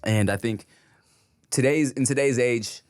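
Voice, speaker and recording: A man's voice: medium pitch, measured pace, no room sound, clean studio sound. A man co-hosting a podcast in casual chat, laid-back and slangy, with a lot of street talk. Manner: laid-back, slangy, calls people dog. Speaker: podcast co-host.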